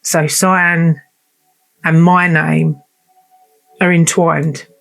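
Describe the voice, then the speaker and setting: A woman's voice: sits low, level tone, very slow, gravelly. A woman hosting her own show, telling a personal story in a heartfelt, emotional and chatty way. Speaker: podcast host.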